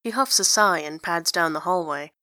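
Woman reading a story with bright tone. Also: lowish voice, normal speed, no echo, clean studio sound. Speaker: story reader. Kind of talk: reading fan fiction aloud.

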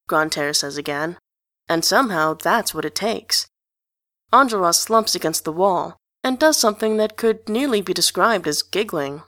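A woman narrating a storybook reading at a measured, even pace. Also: lowish voice, dry recording, clean studio sound. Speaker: audiobook reader.

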